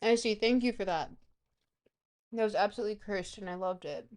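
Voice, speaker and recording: A woman's voice: medium pitch, fairly quick, darkish tone. A woman streamer in a casual livestream chat, goofy and rambling, swearing freely.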